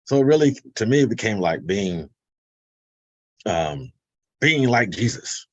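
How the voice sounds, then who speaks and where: A man with a fairly low, husky voice explains in loose, casual talk, his pitch rising and falling a lot. He drops in fillers and acts out the quotes in his stories. The sound is dry and close, as on a video call. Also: very animated, unhurried, no echo, lo-fi sound. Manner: conversational, many fillers, tells anecdotes with quoted voices. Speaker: panelist on a webinar.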